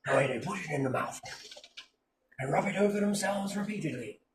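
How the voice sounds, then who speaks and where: Someone doing a hushed nature-documentary narrator. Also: mid-range voice, expressive, a little fast, roomy sound, close to an everyday voice. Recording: distant mic, faint background noise.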